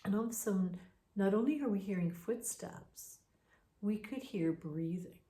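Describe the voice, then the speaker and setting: A woman's voice: mid-range voice, animated, normal speed, mellow. A woman casually telling a personal ghost story in a chatty, conversational way. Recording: roomy echo.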